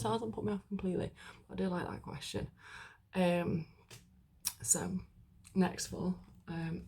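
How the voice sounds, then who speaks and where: A young woman talks casually to her camera, rambling and filling her sentences with "like". Her voice is husky and sits fairly low. It sounds like an easygoing home vlog. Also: a little mellow. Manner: chatty, rambling with lots of "like". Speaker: vlogger. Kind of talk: casual chat.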